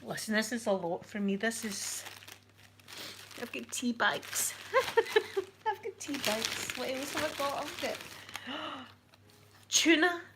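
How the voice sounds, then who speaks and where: Scottish woman, vlog host, emotional and excitable, slow delivery, noisy crinkling recording. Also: fairly high pitch. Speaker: channel host. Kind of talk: casual unboxing vlog.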